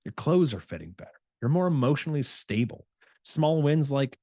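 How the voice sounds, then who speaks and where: A male fitness coach giving a motivational talk, animated and acting out his clients' inner voices, with frequent restarts and filler words. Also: on the high side, moderate pace, no room sound.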